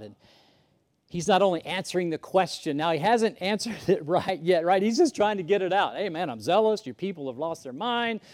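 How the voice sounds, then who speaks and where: A man's voice: a little high, a little mellow. A man preaching a sermon, emphatic, rising and falling as he acts out the lines he quotes. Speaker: pastor.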